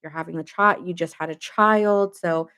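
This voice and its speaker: A woman's voice: fairly low pitch, steady tone, moderate pace, bright, forceful tone, clean tone. A young adult woman giving a casual tarot reading to camera, talking emphatically with lots of filler words and open indignation. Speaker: tarot reader.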